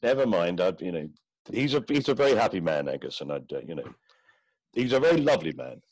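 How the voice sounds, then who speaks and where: A man guest on a podcast, telling animated stories about old friends in a casual chat. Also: low-pitched, quick pace, slightly rough, no echo.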